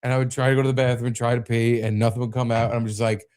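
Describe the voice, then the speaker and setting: A young man co-hosting a podcast, telling a story in an animated way and swearing freely. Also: medium pitch, very fast, hardly any pauses, clear, resonant tone. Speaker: podcast co-host. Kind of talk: casual chat.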